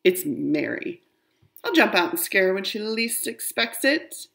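A woman reading a children's storybook aloud in an animated, expressive way. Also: mid-range voice, a little slow, vocal fry. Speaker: reader.

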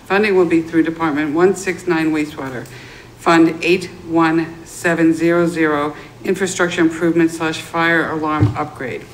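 A woman on a city committee, reading dollar figures and fund numbers in a measured, formal way. Her pitch stays level, and a faint hiss runs behind her. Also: steady tone, poor audio. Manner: reads motions in a measured, formal way. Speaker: alderwoman on the finance committee. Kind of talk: reading formal motions aloud. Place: city council meeting room.

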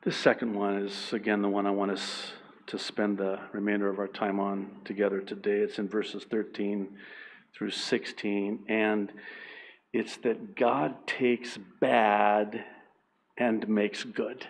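A male pastor preaching a sermon in an animated, self-deprecating way, laughing often and acting out the people in his stories. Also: fairly low pitch, takes it slowly.

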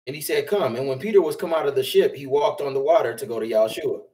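A man with a mid-range voice reads archaic scripture verses aloud, keeping a steady and plain delivery. He reads for a small study group rather than performing. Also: medium pitch, fast, poor audio. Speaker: scripture reader.

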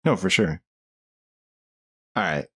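Male cohost, relaxed casual delivery, slightly low voice. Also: slow, slightly rough. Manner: easygoing, laughs along, short agreements. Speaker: podcast cohost. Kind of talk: casual chat.

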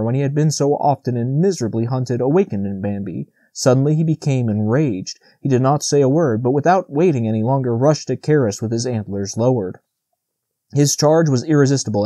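Man, audiobook narration, mellow warm tone, dry close sound, steady measured delivery. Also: mid-range voice, no room sound.

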